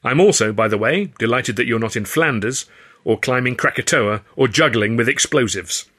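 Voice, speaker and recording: A man's voice: medium pitch, expressive, normal speed, pushed and bright. A man voicing a stern older father, a college head porter, reading out his own formal, droll letter.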